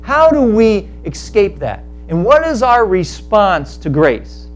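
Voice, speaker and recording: A man preaching a sermon, telling a parable in animated storytelling style and acting out the characters in quick asides. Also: high-pitched, faint music behind. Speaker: pastor.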